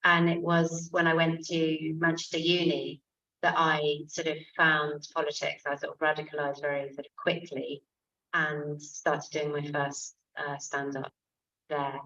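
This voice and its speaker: Woman, 60s, author guest. Low voice, chatty anecdotes, distant dull mic. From England. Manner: lively storytelling with quick asides and fillers. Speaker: author and comic actress, event guest. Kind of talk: conversational talk at a book event. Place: bookshop event room. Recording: distant, muffled event recording.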